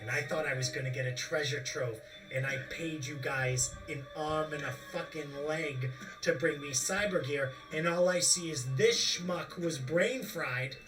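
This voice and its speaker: A man's voice: very high-pitched, big pitch swings, recorded from a distance, music in the background, voice pushed up, poor audio. A man voicing a brash, crude female crime boss. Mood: irate. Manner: crude, gleeful, quick to anger.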